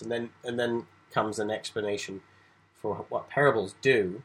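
Male Bible teacher, husky voice, loose conversational lecture. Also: medium pitch, animated, normal speed, rough recording. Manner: conversational, with frequent restarts and asides.

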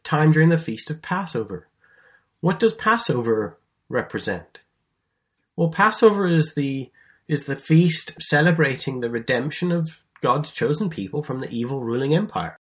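A man of middle pitch teaches a Bible lesson in an easy, conversational voice. He tells the story in a lively way, leaning hard on key words and now and then restarting a phrase. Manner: lively storytelling with emphatic stresses.

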